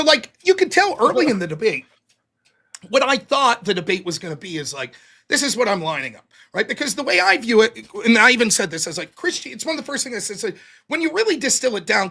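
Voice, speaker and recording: A man hosts a debate show and recaps the debate with heat and plenty of swearing. His pitch leaps all over as he talks. His tone is bright and forceful. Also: quick pace, gravelly, breathy edge. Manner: animated, profane, quotes opponents in mocking voices. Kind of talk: heated post-debate recap.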